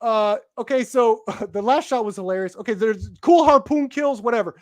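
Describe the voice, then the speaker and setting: A man co-hosting a casual podcast, recapping a movie in a rambling, halting way with many restarts. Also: very high-pitched, a little mellow, no room sound. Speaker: co-host reviewing a movie.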